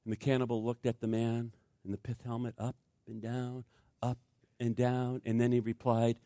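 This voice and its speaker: A man's voice: medium pitch, completely flat delivery, normal speed, mellow, no echo. A male pastor preaching a sermon, telling stories animatedly with stammering restarts.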